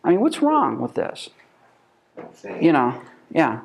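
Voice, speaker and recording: Male Bible teacher, emphatic, rhetorical, voice sits a bit high. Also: huge pitch swings, slow, vocal fry, a little hiss or hum. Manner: emphatic, asks rhetorical questions.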